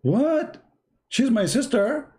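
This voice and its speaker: A bewildered young son pleads in a high, whiny voice, as a man puts him on while telling a joke. The voice jumps well above the teller's own and keeps a gravelly edge. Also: very animated, moderate pace, dark tone. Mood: bewildered pleading. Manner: high-pitched, incredulous whining.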